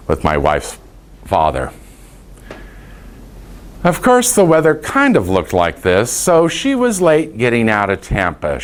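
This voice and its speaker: Lively, folksy man speaking to caregivers. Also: low-pitched. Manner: folksy anecdotal storytelling. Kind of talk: motivational talk to an audience.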